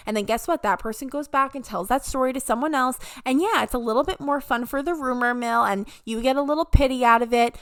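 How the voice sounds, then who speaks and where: An upbeat young woman hosts her podcast with a motivational talk, her voice sitting a bit high. She slips into little imitations whenever she quotes someone. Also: fairly quick, hardly any pauses, a bit bright, smooth. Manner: upbeat, mimics voices when quoting. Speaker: podcast host. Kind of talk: casual motivational monologue.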